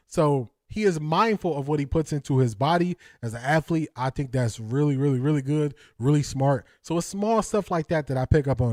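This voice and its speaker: Male streamer host, higher voice, dry close mic, animated slangy commentary. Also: dry recording. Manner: animated, slangy, laughs often, talks to chat. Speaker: livestream host. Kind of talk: casual livestream commentary.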